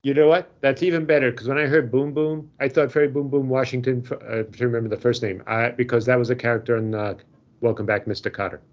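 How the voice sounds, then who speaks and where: A man co-hosting a casual podcast, talking in an animated, jokey way and often trailing off mid-sentence. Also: mid-range voice, fast talker. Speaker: podcast co-host. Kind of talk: casual chat. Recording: dull lo-fi sound.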